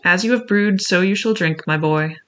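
A reader voicing a stern but kindly male ship's doctor with gentlemanly, earnest speech, in a bright tone. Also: high voice, moderate pace.

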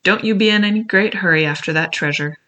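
A stern yet kindly ship's doctor, as a storyteller puts him on, speaking in a gentlemanly, earnest way. The voice stays bright and clear, firm but caring. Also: male voice, sits high, fast.

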